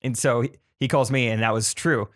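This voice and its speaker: A man co-hosting a podcast, telling stories in a dry, deadpan way in casual chat. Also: mid-range voice, brisk. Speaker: podcast co-host.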